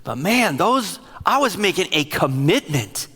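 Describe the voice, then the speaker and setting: A middle-aged man preaching a sermon as a pastor, telling stories in an emotional, animated way. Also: sits high, measured pace, husky. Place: large church sanctuary. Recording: long reverb of a large hall.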